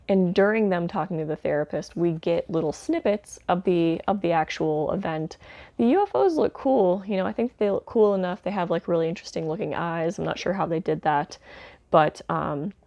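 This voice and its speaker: A woman talks through a film review in a loose, unscripted way, dotting her sentences with "um" and "like" and slipping in candid, mildly sardonic asides. Her voice sits on the low side with a gravelly fry. The sound is close and dry, with no room around it. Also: dark tone, no room sound, highs cut off. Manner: chatty, many fillers like "um" and "like". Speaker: home video reviewer. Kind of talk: casual spoken film review.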